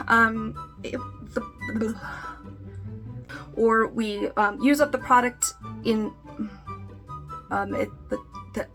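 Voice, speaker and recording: A woman's voice: on the high side, a bit bright. A woman talking casually to camera in a makeup vlog, chatty and self-deprecating, trailing off into fillers. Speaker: beauty YouTuber.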